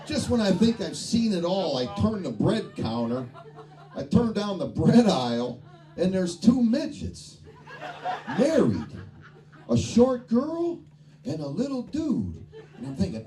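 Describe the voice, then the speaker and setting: A man's voice: high voice, huge pitch swings, measured pace, warm tone. A middle-aged man doing a stand-up comedy set, swearing freely and laughing at his own jokes, in a tavern showroom. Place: tavern showroom before a live crowd. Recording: distant and noisy live bar recording.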